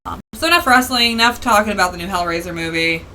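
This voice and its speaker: A woman's voice: medium pitch, quick pace, sharp tone, a little hiss or hum, poor audio. A woman hosting a casual livestream, rambling through tangents and laughing often. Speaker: host.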